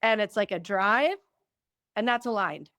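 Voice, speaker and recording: A woman guest on a podcast who explains a personality system in a talkative, lively way and acts out quoted reactions. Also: mid-range voice, measured pace, no echo, studio quality. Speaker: Human Design guide.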